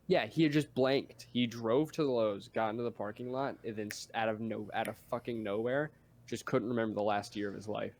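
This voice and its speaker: A young man with a somewhat low voice co-hosts a casual podcast. He tells stories bluntly, swears freely and jokes around. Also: steady tone, fairly quick, a little mellow. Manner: blunt, swears a lot, jokey. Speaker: podcast co-host. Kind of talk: casual chat.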